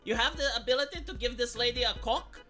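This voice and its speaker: A man's voice: very high-pitched, fast talker, pushed and bright, soft background music. A man with an accent, complaining earnestly in a video monologue, often stalling and restarting.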